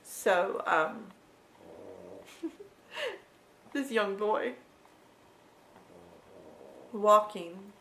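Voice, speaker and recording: A woman's voice: on the low side, unhurried, creaky, a little hiss or hum, rough recording. A woman vlogger telling a personal story in a conversational, repetitive way, with frequent asides to the viewer.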